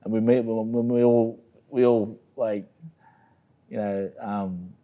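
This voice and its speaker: A man's voice: fairly low pitch, fairly even intonation, takes it slowly, phone-quality sound. A middle-aged Australian man telling a long story in a casual, rambling way, often saying "you know what I mean". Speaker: interview guest, boxer.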